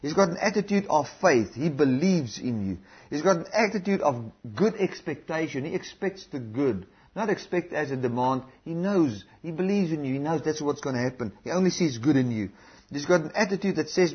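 A man's voice: medium pitch, expressive, moderate pace, breathy edge, dull audio. A man preaching a sermon in an earnest, repetitive way, calling out hallelujahs.

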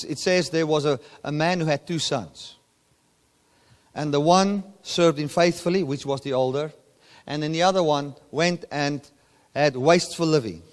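A man preaching a sermon, often swinging his voice from loud, high emphasis to low, quiet asides. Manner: animated preaching, voice rising and dropping sharply for emphasis. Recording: long hall reverb.

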